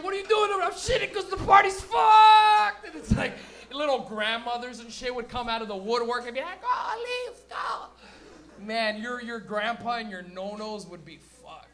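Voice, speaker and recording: A man's voice: sits high, fairly bright tone. A man doing crude, rambling live stand-up comedy as host, acting out characters for a crowd. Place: comedy venue before a live audience.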